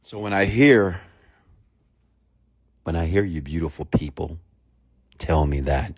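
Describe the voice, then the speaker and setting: A man's voice: low-pitched, a little slow, pauses often, slightly rough. A man giving a blunt, emphatic motivational sermon and telling a story to his audience. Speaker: motivational speaker.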